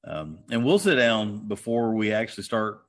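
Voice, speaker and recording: A man's voice: fairly low pitch, lively intonation, moderate pace, fairly bright tone. A man co-hosting a podcast in easygoing, rambling casual chat, often laughing. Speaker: podcast co-host.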